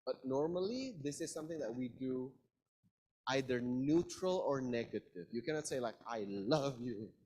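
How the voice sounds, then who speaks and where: A man's voice: mid-range voice, expressive, normal speed, a little mellow, breathy edge, low-quality recording. A man teaching public speaking in a live workshop, emphatic and demonstrative, often quizzing his audience. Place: university seminar room.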